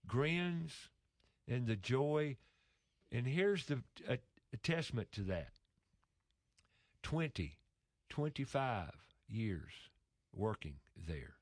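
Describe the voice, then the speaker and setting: A man's voice: medium pitch, expressive, takes it slowly, long pauses, no echo, clean studio sound. A man speaking in a casual conversation, telling an emotional story earnestly with frequent restarts.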